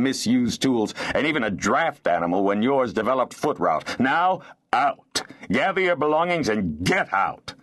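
A man voicing a stern male lord who speaks in a cold, harsh, measured way. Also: fairly low pitch, pitched above the performer's own voice.

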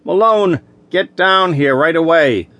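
A man's voice: a little high, animated, unhurried, a bit bright, no room sound, pitched above the performer's own voice. A man voicing a harried, snappish middle-aged FBI chief who talks in an urgent, flustered way in an audiobook. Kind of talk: audiobook character voice.

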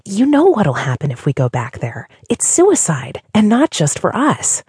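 A woman's voice: mid-range voice, wildly swooping pitch, unhurried, darkish tone, breathy edge, dry recording, studio quality, pitched above the performer's own voice, heavily acted. A woman voicing an anxious but determined young woman who pleads and pushes her point, at times heatedly. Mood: urgent. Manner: pleading, rising to heated insistence.

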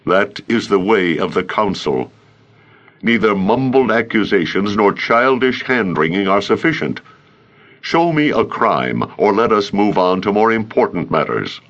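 A man voicing a calm, dignified older male councilman in an audiobook, speaking deliberately. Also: on the low side, dull audio.

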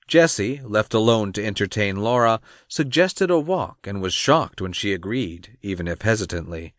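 A man narrating a romance audiobook, reading in an expressive storytelling manner. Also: on the low side, normal speed, few pauses, no room sound, studio quality. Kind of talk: scripted narration.

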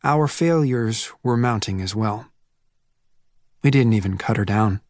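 A man reading a first-person novel as an audiobook narrator, measured and reflective, lifting his voice for quoted lines. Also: fairly low pitch, darkish tone, no echo, clean studio sound. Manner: measured, reflective storytelling with raised voice for quoted dialogue. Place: dry recording booth. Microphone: close studio mic.

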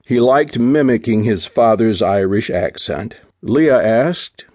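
A man reading a romance audiobook in measured, unhurried storytelling. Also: mid-range voice, expressive, darkish tone, dry recording. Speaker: audiobook narrator. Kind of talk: scripted narration.

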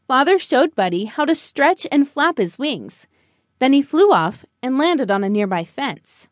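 A woman narrating a children's storybook in a slow, expressive, animated way. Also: high-pitched, no echo. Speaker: audiobook narrator.

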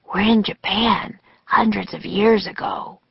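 Brief: a woman playing a cautious little boy, slow and gravelly, dry muffled audiobook sound. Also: mid-range voice, fairly even intonation, no room sound, voice pushed up, exaggerated voice. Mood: whispering. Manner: careful, insistent. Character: cautious bookish young boy.

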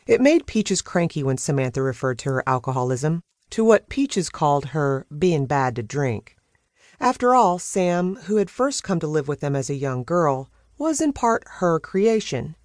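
Audiobook read: woman narrator, lower voice, very lively delivery, dry close studio sound. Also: dry recording. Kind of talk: scripted narration.

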